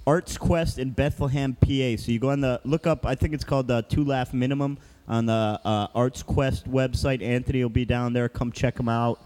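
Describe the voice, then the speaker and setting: A man hosting a podcast, wrapping up with plugs in a measured, dry manner. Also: medium pitch, fairly even intonation, darkish tone. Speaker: podcast host. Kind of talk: casual podcast banter and sign-off plugs. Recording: long reverb.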